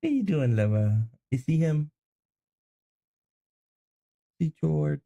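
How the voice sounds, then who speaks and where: A woman talking baby talk to her pets, with high, loud cooing that often turns away from the mic. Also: very animated, normal speed, creaky, no echo, muffled recording.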